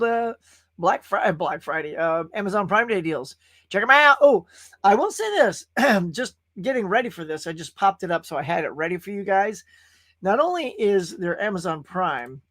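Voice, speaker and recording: A man's voice: sits high, a bit bright, no echo, studio quality. A man from California, host of a casual live-stream show, talking in a rambling, chatty way and reading viewers' comments aloud. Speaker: podcast host.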